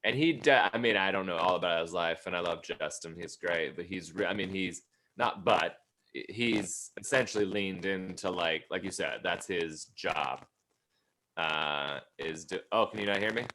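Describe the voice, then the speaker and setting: A man's voice: low voice, moderate pace, pushed and bright. A man hosting a podcast, chatting casually and hesitantly, with frequent restarts. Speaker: podcast host.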